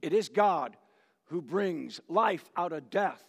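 A man's voice: on the high side, lively intonation, takes it slowly, gravelly, fairly bright tone, slightly rough. An older man preaching a sermon as pastor, telling stories with jokes and chuckling often. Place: church sanctuary. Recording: long church reverb.

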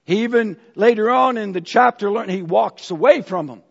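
A man's voice: sits high, normal speed, creaky, slightly rough. A man preaching a sermon and telling a story, acting out the voices of its characters. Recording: dull hall echo.

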